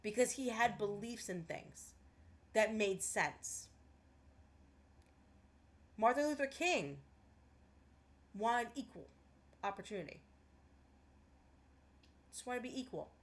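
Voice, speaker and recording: A woman streamer talking casually to her chat in a fairly high voice. She speaks with earnest passion, circling back over her points. She sounds emotional, close to tears. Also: animated, slow pace, pauses often. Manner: impassioned, earnest, repeats herself. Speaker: livestreamer. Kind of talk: casual livestream chat with viewers.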